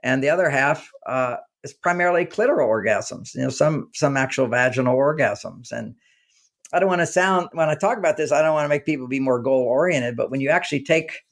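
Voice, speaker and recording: A man, an author being interviewed, talking casually and telling animated stories in which he acts out the dialogue. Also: mid-range voice, a little fast. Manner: animated storyteller acting out quoted dialogue. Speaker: author and guest.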